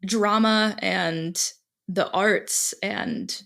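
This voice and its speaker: A woman's voice: mid-range voice, fairly even intonation, extremely slow, vocal fry, fairly bright tone. A woman hosting a podcast, reading a polished, enthusiastic intro and then asking interview questions. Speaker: podcast host.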